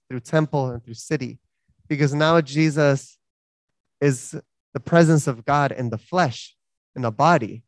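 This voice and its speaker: Earnest man preaching, smooth clear voice. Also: fairly high pitch, dry recording. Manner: reflective, earnest, builds through repeated phrases. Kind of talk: sermon.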